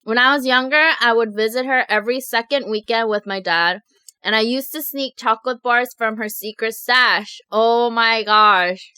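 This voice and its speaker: A woman vlogger chatting casually as she reads out viewer confessions, telling them in an animated, giggly way. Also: fairly high pitch, normal speed, smooth, no room sound. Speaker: mukbang vlogger.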